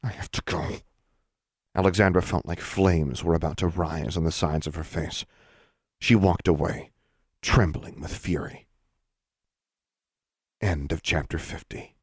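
Deep-voiced man narrating a story. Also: slightly rough, dry recording, studio quality. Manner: measured, expressive storytelling. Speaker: audiobook narrator.

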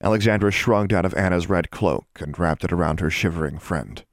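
Deep gravelly male storybook reader. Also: fairly quick, no echo, studio quality. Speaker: audiobook reader. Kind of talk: storybook narration.

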